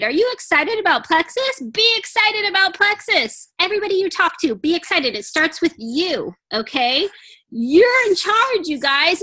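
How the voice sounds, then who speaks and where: A woman's voice: very high-pitched, sharp tone. A woman giving a chatty, emphatic pep talk to her team on a video call from home, acting out little dialogues.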